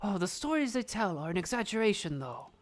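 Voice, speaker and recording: A woman's voice: big pitch swings, a little fast, close to an everyday voice. Woman voicing a bitter old village witch. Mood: scornful. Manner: low, scornful, drawling put-on voice with an unplaced accent. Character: sharp-tongued older village witch, bitter and proud. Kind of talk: reading a visual novel aloud.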